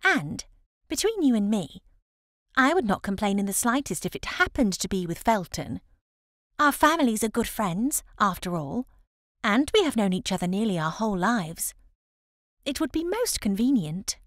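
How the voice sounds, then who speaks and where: A woman's voice: mid-range voice, very animated, normal speed, no room sound, clean studio sound, lightly acted. Selina, a chatty cheerful young lady, read by a woman.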